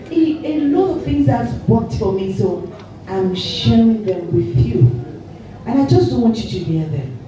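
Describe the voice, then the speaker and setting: Nigerian woman, mellow voice, chatty motivational speaker; roomy hall sound, off-mic, faint hiss. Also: medium pitch, measured pace, some chatter behind. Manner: lively storytelling, mixing in Yoruba, often laughing. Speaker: actress giving a public talk. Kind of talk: motivational talk to a live audience. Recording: echoey hall, voice far from mic, faint noise.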